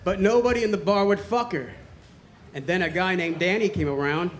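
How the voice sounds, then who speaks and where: A man's voice: high voice, normal speed, slight background noise. Crude rambling male stand-up comic. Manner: crude, rambling joke delivery. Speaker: stand-up comedian. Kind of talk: stand-up set. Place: comedy club stage.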